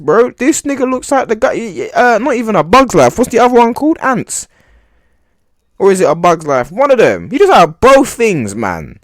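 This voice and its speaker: A young man doing reaction commentary for his podcast, mocking and exclaiming. His pitch swings wildly from high yelps down to low mutters, slightly higher than most men, and the sound is very dry and close. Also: huge pitch swings, moderate pace, dry recording. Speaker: podcast host.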